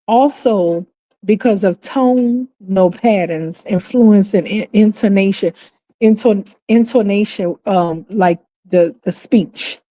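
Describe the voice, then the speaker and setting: A mellow, mid-range female voice moves slowly through casual livestream commentary full of opinions. The host, who is from New Orleans and has the accent to match, comes across as exasperated and emphatic and curses frequently.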